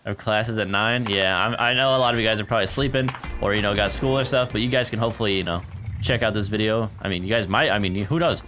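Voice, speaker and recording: A man's voice: fairly low pitch, fast talker, bright, forceful tone, soft background music. A young man casually commentating a live game stream, chatty and laid-back, with a tired early-morning voice. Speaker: gaming streamer.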